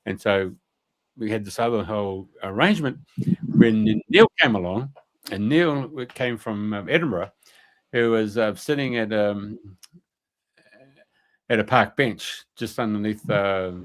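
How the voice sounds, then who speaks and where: A man's voice: lowish voice, lively intonation, measured pace, long pauses. A middle-aged man, a radio guest, telling a story in a colloquial, rambling way, with many fillers and mild swearing.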